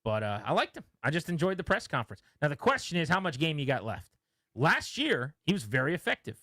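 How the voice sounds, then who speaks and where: A man's voice: a little high, a little fast, dry recording. A man hosting a sports radio show, telling stories about players and quoting them as he talks shop. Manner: animated storytelling, quotes players. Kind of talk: casual sports talk.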